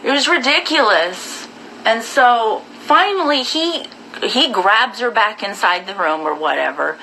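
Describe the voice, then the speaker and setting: A woman live-streaming, telling her viewers a story in a blunt, profane, animated way. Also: on the high side, measured pace, vocal fry, a little hiss or hum, low-quality recording.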